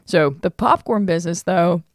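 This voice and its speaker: A young woman co-hosting a podcast, explaining food history in a relaxed, casually profane way. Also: fairly low pitch, moderate pace, no room sound, clean studio sound. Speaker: podcast co-host.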